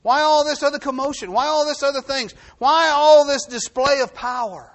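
A man preaching a sermon, reading scripture aloud and then explaining it, swinging between forceful bursts and low hushed phrases. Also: normal speed. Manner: reads scripture then preaches with rising and falling intensity; drops to a low hushed voice for emphasis. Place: New Mexico.

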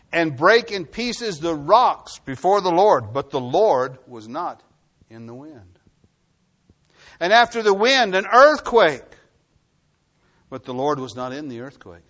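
A man preaching a sermon, reading scripture aloud and then explaining it, swinging between forceful bursts and low hushed phrases. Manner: reads scripture then preaches with rising and falling intensity; drops to a low hushed voice for emphasis. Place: New Mexico.

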